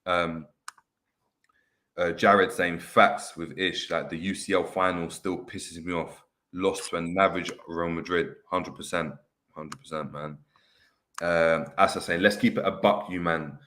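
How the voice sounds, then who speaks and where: Deep-voiced young man. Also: unhurried. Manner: reads viewer comments aloud, animated banter. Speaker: host. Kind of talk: casual football chat. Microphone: webcam on video call.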